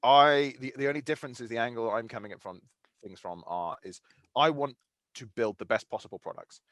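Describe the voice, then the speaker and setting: A male podcast host conducts a casual conversational interview, thoughtful and analytical, frequently restarting his sentences. His medium-pitched voice is fairly quick and fairly bright, with no echo.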